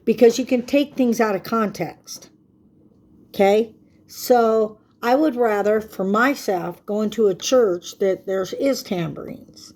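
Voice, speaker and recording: Older folksy woman, warm voice. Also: mid-range voice, unhurried. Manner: folksy and preachy, checks in with "okay?". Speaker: vlogger. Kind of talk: casual faith-themed talk to camera.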